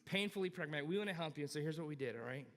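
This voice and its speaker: A man's voice: on the high side, lively intonation, very fast, a bit bright, long reverb tail. A man preaching a sermon as pastor, emphatic and repetitive, urging his congregation directly. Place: church auditorium.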